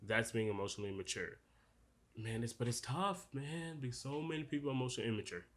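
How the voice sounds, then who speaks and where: Animated and quick, this medium-pitched young man co-hosts a podcast in a noticeable non-standard accent. He talks earnestly but loosely in a casual discussion, saying "like" a lot and restarting often.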